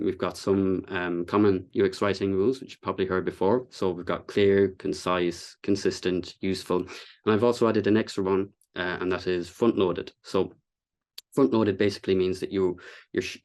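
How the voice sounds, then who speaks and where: A man's voice: sits low, darkish tone. A man giving a casual presentation on content design to a meetup audience, explaining at an easy pace with frequent fillers and restarts.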